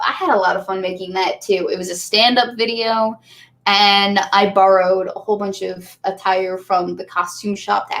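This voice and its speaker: A tipsy woman chatting loosely with her viewers, wandering from thought to thought. Her voice sits at an ordinary middle pitch but jumps up high whenever something catches her attention. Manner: rambling, easily distracted, jumps around in pitch. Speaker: channel host. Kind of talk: casual chat to viewers.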